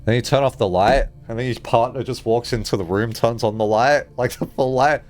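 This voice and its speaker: A man's voice: mid-range voice, brisk, a little mellow, faint music behind. A young adult man streaming a video game, rambling through comedic tangents and laughing often. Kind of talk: casual live-stream commentary.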